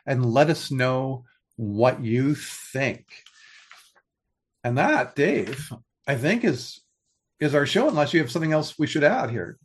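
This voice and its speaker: Older man co-hosting a casual podcast. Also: a little mellow. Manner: enthusiastic, pitching story ideas with many restarts. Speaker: podcast co-host. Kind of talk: casual chat.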